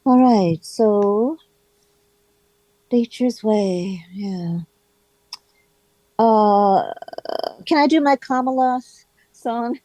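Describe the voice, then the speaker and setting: A woman's voice: fairly high pitch, drawn-out words, pauses often, warm tone, no echo. A woman musician on a radio show, chatting in a friendly way as she introduces her songs. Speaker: guest musician. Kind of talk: casual radio chat between songs.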